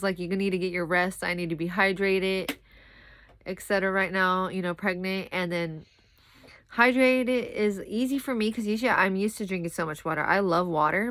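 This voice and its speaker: A woman's voice: mid-range voice, a bit bright, dry recording. A young woman, talking casually to the camera in a rambling, tired way. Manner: rambling, chatty, breaks off to talk to her toddler. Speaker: vlogger.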